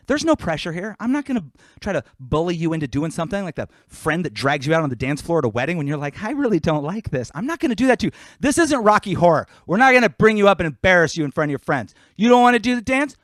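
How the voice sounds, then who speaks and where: A man from Queens with a New York accent and a fast, high voice jokes casually with his livestream audience, then raps a comic song over a hip hop backing track. The musician is animated throughout, and the recording is studio quality with no room sound.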